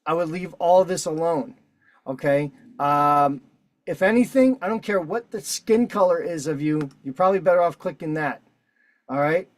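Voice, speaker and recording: A man's voice: a little high, expressive, normal speed. Profane combative man on a video call. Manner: profane, combative, talks while filling out a form. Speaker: online meeting host. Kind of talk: casual instructional walkthrough.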